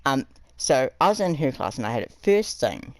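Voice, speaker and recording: A young man rambles through stories from his school days at a normal pace, packing his casual storytime narration with fillers. He's animated, acting out the people he quotes by jumping high and low in pitch. The recording is rough but has no echo.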